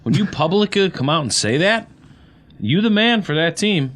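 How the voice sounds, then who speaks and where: A man's voice: on the high side, sing-song, moderate pace, fairly bright tone. A man guesting on a sports podcast, telling stories and giving blunt, opinionated takes. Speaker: guest co-host. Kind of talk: casual sports chat.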